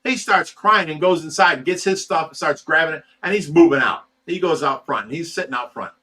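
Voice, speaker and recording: A man's voice: a little high, brisk, bright, forceful tone. A man who runs a fish rescue, telling a story on a livestream in a heated, profane way and stammering over repeated words. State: sleep-deprived.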